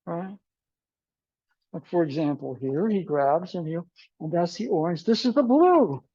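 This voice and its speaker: A man leads a martial arts class, wandering from story to story and slipping into the voices of the people he quotes. His voice is dark and mellow, close and dry with little room sound, and the recording has a dull, muffled, lo-fi edge. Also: fairly high pitch, animated, unhurried, breathy edge, no room sound. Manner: meandering storyteller who acts out dialogue. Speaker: aikido instructor. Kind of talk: informal class talk with anecdotes.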